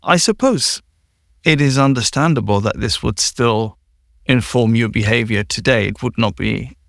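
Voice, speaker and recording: A man hosting a recovery podcast, asking measured, sympathetic questions. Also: mid-range voice, creaky, a bit bright, no room sound, clean studio sound. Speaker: podcast host. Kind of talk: interview questions.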